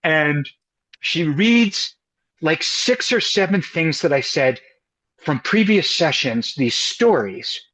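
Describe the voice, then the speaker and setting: Speaking slowly in a voice on the high side, an American couples counselor shares a story during an interview, animatedly performing the voices of those involved. The recording quality is low.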